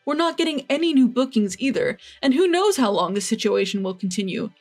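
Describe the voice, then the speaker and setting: A woman voicing a blustering older father-in-law, pleading in a measured read. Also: a little high, sing-song, a little mellow, soft background music.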